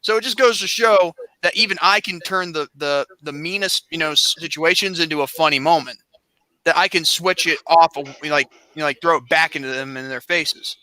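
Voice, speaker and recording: A man's voice: on the high side, moderate pace, pushed and bright, no room sound, poor audio. A man hosting a casual livestream chat, rambling on with lots of restarts and fillers. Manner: talks in long rambling stretches with many restarts. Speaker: show host.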